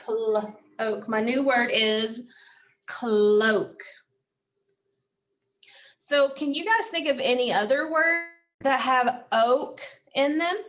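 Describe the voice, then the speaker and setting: A woman teaching a phonics lesson, slowly and patiently sounding out words and syllables for children. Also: high voice, fairly bright tone.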